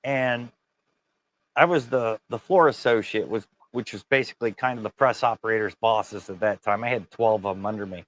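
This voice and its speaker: A middle-aged man in casual chat, telling an animated work story full of swearing and laughter. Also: fairly low pitch, normal speed.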